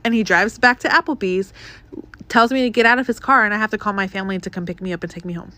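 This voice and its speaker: Bright-voiced woman swearing through a story. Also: mid-range voice, fast talker. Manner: frank, swearing, laughs through it. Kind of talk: casual storytelling to camera.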